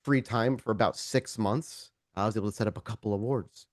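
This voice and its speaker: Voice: mid-range voice, brisk, no echo, studio quality. A player speaking as a young male mage character in a live tabletop role-play, hesitant and earnest, with many restarts.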